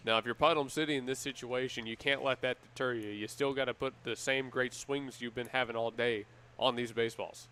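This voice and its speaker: A man with a mid-range voice calls baseball play-by-play live, keeping a measured pace between pitches and picking up energy on big plays. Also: fairly even intonation, pushed and bright, clear, resonant tone. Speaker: play-by-play announcer.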